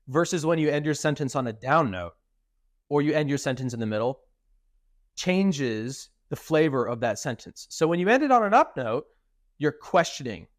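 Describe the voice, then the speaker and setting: A man's voice: mid-range voice, no echo. This is a young man co-hosting a casual podcast. He explains things at length, often acting out how a sentence should rise or fall. His mid-range voice sounds close and dry, with no room around it. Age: young adult. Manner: explanatory, demonstrates intonation with his own voice. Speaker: podcast co-host.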